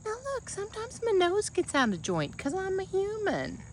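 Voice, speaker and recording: A woman's voice: very high-pitched, huge pitch swings, moderate pace, slight background noise. A woman coaching in a casual motivational monologue, blunt and folksy, calling the listener honey.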